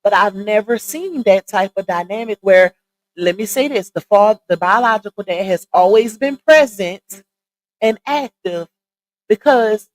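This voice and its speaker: This live stream host is a woman with a slightly high voice, captured in low-quality audio. She chats casually with emphatic commentary, addressing her viewers directly.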